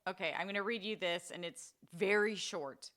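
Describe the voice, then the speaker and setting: A woman's voice: medium pitch, moderate pace, fairly bright tone. A young adult woman co-hosting a podcast in casual chat, chatty and laughing often. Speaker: podcast co-host.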